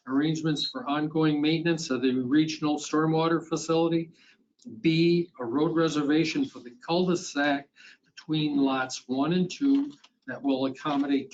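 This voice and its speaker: A man chairing a town board meeting, reading agenda items and long motions in a plain, procedural way with small restarts. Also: a little high. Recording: dull, lo-fi meeting room audio.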